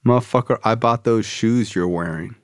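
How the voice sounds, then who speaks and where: A man's voice: lowish voice, moderate pace, no echo, clean studio sound, lightly acted. A man voicing his angry, controlling father, who rants bitterly and swears. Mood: ranting.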